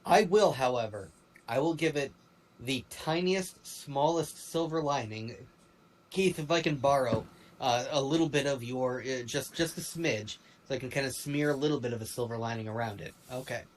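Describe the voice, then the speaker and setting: A man co-hosting a livestream in casual chat, rambling and animated, with many fillers and restarts. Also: mid-range voice, moderate pace, rough recording. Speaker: stream co-host.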